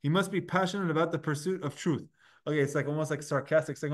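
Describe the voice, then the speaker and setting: A man's voice: on the high side, steady tone, a little fast. A man teaching a Talmud class, explaining step by step in a casual way and posing and answering his own questions. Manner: casual, conversational with students.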